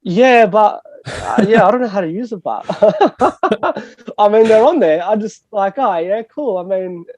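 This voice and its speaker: A man's voice: sits high, expressive, a little slow, a little mellow, no room sound. A young Australian man, a DJ guest on a podcast, talking casually in a rambling, self-mocking way and swearing freely. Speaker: guest DJ and producer. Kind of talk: casual interview chat. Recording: dull lo-fi dry sound.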